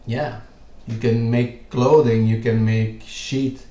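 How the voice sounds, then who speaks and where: Slow-talking man explaining history. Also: medium pitch, little pitch movement, dark tone, lo-fi sound. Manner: rambling, lots of fillers. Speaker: video host. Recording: roomy echo.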